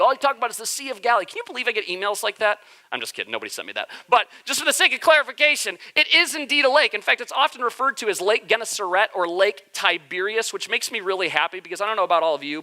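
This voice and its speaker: Animated, bright-voiced male pastor. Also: high-pitched. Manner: joking, conversational, animated. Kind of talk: casual sermon. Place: church sanctuary.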